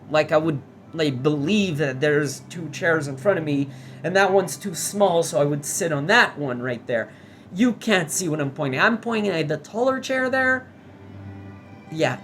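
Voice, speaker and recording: A man's voice: fairly high pitch, a bit bright. A man giving casual first-impressions commentary as a gamer on a VR demo, rambling, restarting and swearing.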